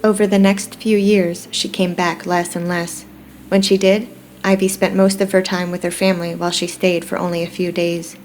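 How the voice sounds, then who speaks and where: A woman with a low voice reads a first-person romance audiobook, steady and reflective. A faint hiss sits under her narration. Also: moderate pace.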